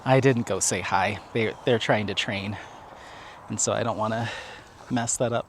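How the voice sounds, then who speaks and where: A man's voice: fairly low pitch, normal speed, pauses often, a little hiss or hum. A man vlogging casually while out on a walk, talking in a rambling, chatty way and laughing often. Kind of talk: casual walk-and-talk vlog. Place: outdoors on a walk.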